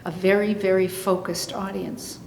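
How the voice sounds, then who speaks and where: A woman speaks in a measured, somber way in an interview. The room gives a long hall echo, and a faint rumble sits underneath. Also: flat delivery, vocal fry. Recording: echoey hall.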